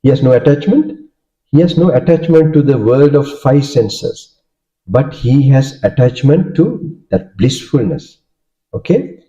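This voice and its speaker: Man, Sri Lankan accent, Buddhist monk teaching, questioning manner, deep mellow tone, dull lo-fi sound. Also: animated, a little slow. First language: Sinhala. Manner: checks understanding with frequent "okay?" and "right?". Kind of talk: dharma talk with questions to listeners. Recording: dull lo-fi recording.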